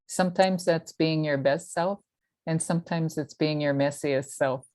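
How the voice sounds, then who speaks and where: A woman's voice: sits low, fairly even intonation, unhurried, darkish tone, no room sound, clean studio sound. A woman hosting a conversation, reflective, summing things up and laughing easily. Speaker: host. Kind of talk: casual conversation.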